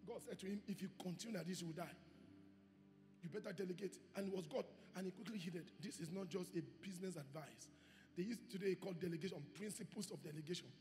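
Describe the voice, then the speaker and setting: A male pastor preaching a sermon with emphatic delivery, rising to shouts and acting out quoted voices. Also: high-pitched, fast talker. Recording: reverberant hall with faint music.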